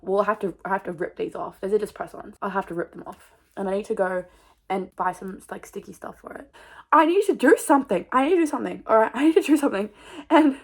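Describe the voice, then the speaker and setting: A woman's voice: mid-range voice, creaky. A young woman, rambling and oversharing in a casual chat to camera, laughing often and restarting her sentences. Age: young adult. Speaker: vlogger.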